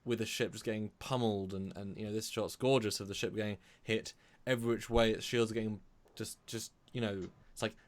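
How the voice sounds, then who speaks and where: British male co-host, eager and rambling, lowish voice, casual live-stream chat. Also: steady tone, a little fast, few pauses. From Britain. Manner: enthusiastic, rambling with restarts.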